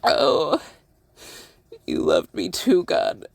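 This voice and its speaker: Teary guy talking real slow, gravelly voice, stops and repeats himself, sighs and little laughs in between. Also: a little high, huge pitch swings, dry recording. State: tearful. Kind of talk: emotional personal monologue.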